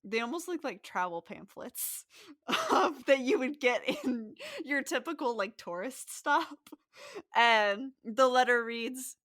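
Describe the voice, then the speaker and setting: A woman running a tabletop game as game master, chatty and laughing as she narrates. Her voice is bright and clear, recorded in a dry room. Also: high-pitched, very animated, unhurried, no room sound.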